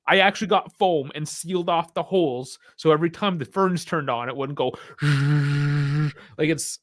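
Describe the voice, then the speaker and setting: A man's voice: on the high side, brisk, fairly bright tone, no echo, studio quality. A man co-hosting a casual livestream from a small furnace room at home, bantering and laughing easily. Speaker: co-host of a fan livestream.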